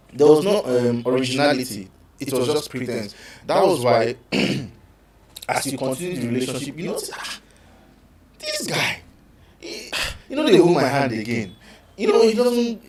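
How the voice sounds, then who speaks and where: A man with a Nigerian accent hosting a live call-in show on relationships, talking in an animated way, slipping into pidgin and acting out quotes. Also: mid-range voice. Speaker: radio show host. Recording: echoey room, distant from mic.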